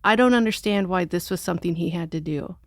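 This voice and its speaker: A woman's voice: lowish voice, no echo, studio quality. A woman hosting a podcast, chatting casually and with bemusement about a movie. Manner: chatty, bemused, quick to laugh. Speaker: podcast host. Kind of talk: casual chat.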